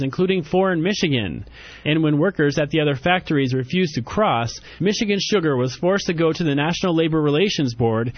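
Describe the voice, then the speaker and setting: A man's voice: on the high side, no echo. Male newsreader with dry studio sound. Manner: even, measured delivery. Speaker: radio newsreader. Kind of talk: scripted news report. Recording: dry, slightly dull studio audio.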